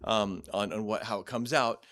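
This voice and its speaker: A man's voice: lowish voice, fairly even intonation, moderate pace, fairly bright tone. A man teaching a church Bible class in a blunt, direct, conversational way, often restarting and repeating words.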